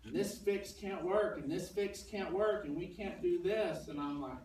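A man's voice: high-pitched, normal speed, hardly any pauses, darkish tone, a little hiss or hum. A man preaching a sermon as pastor, telling a personal story in a conversational way and acting out the other people's lines. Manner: conversational storytelling, acts out dialogue. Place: church sanctuary. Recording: very echoey church from a distance.

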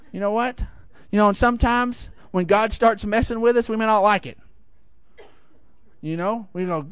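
A middle-aged man preaching a sermon, telling a lively personal story and swinging high for the quoted voices. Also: moderate pace, smooth, dry recording. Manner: animated storytelling, rising high for acted quotes. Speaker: pastor.

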